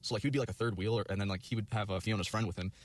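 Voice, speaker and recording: A young man rattles off a personal story at breakneck speed. His voice sits a little low. He rambles and piles up filler words and profanity as he goes. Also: fairly even intonation, rapid-fire, no echo. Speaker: storyteller in a video clip.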